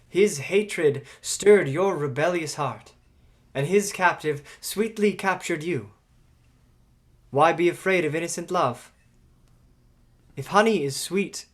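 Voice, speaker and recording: A loyal tutor urging a prince to admit his love, played by a man in a stage tragedy. His voice sits a little high and he coaxes in steady, declamatory phrases. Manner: persuasive, coaxing, declamatory. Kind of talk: stage drama acting.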